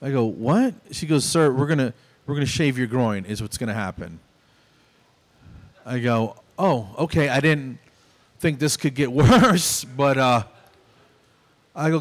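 A man's voice: mid-range voice, a little slow. A man in his fifties doing a stand-up comedy routine on a small club stage, telling stories and acting out both sides of each exchange.

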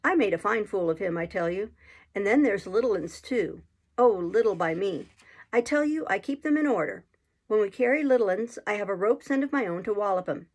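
A woman's voice: medium pitch, lively intonation, a little fast, a little mellow, husky. A woman voicing a boastful, half-witted young male cabin boy with a bragging swagger.

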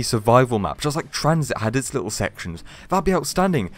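A man's voice: medium pitch, very animated, brisk, few pauses, soft background music. Chatty man hosting gaming commentary. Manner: chatty, rambling, addresses viewers as lads. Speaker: gaming video host.

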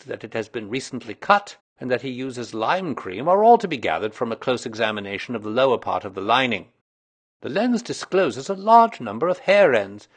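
Male reader doing a sharp-minded Victorian sleuth, emphatic and lively. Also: medium pitch. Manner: precise, lecturing, emphatic. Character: brilliant, self-assured Victorian male detective.

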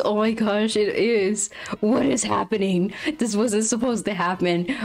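A woman's voice: mid-range voice, fairly even intonation, a little slow, creaky, darkish tone, soft background music. A young woman streaming live while drawing, flustered and apologetic, often laughing and exclaiming as she talks to her chat.

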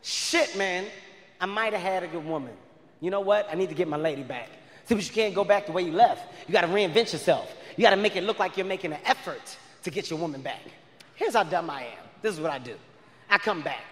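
A high-voiced man doing stand-up, acting out scenes with loud, shouted punchlines. His voice is bright and cutting. The arena sound carries a long reverb tail and a faint hiss underneath. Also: expressive, a little fast. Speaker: stand-up comedian. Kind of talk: stand-up comedy routine.

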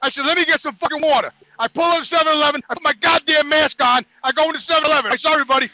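A man's voice: very high voice, rapid-fire, pushed and bright, no room sound, rough recording. A man telling an exasperated, profane story on a podcast, acting out the people in it. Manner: exasperated, heavy swearing, acts out quotes. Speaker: podcast regular.

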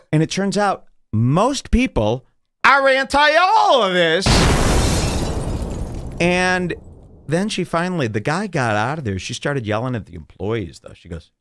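A man's voice: a little high, wildly swooping pitch, unhurried, fairly bright tone, slight background noise. A man hosting a podcast, telling a rambling story in casual chat and swearing freely. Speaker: podcast host.

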